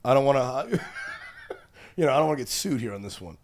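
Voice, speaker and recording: A man's voice: medium pitch, big pitch swings, normal speed, a little hiss or hum. A man hosting a podcast in casual, crude chat, swearing often. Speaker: podcast host.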